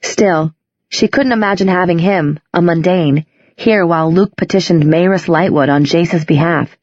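A woman narrating an audiobook with a measured, even reading, in a slightly dull, dry studio recording. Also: on the low side, no echo. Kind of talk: scripted narration.

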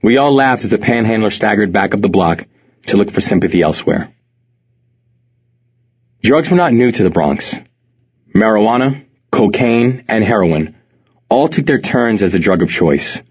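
A middle-aged man from New York narrating his memoir in a measured, reflective way. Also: lowish voice, lively intonation, slightly rough. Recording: slightly muffled recording.

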